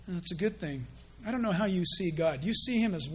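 A male pastor preaching a sermon in an animated way, acting out mock dialogues. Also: high voice, fast talker, breathy edge.

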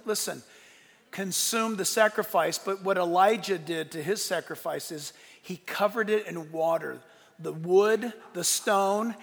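Gravelly high-voiced joking preacher. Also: male voice. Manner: animated, joking with the congregation. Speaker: pastor. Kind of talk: sermon with humor. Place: church hall with live congregation. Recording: long hall reverb.

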